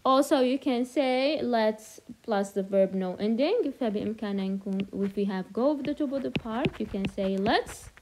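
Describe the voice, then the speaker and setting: A woman teaching an English grammar lesson, repeating phrases slowly and switching into to explain. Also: a little high, darkish tone, slight background noise, low-quality recording.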